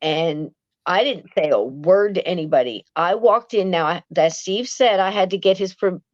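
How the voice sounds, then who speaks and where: A woman's voice: fairly low pitch, normal speed, a little mellow, no echo, lo-fi sound. A woman telling a paranormal story in casual chat, restarting often and acting out what others said. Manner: chatty, acts out quoted voices, frequent restarts. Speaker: guest, paranormal author.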